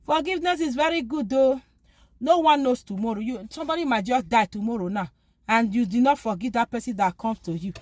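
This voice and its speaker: Pleading, emphatic woman with a high voice. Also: brisk, no room sound. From lives abroad, from back home elsewhere. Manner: pleading and emphatic, repeats phrases. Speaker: faith vlogger. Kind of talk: informal spoken exhortation on forgiveness.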